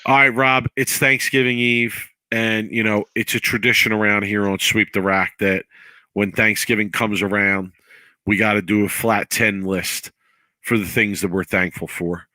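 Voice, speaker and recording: A man's voice: lowish voice, level tone, moderate pace, bright, forceful tone, no echo. A man co-hosting a podcast in casual chat, often stumbling and repeating words as he starts. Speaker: podcast co-host.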